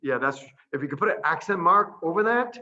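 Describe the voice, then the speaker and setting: A middle-aged man, a priest, chatting casually over a video call and patiently teaching a short phrase, slowing down to spell out each sound. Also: fairly high pitch, expressive, highs cut off. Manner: warm, chatty, laughs easily, slows down to spell out sounds. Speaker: priest and missionary guest.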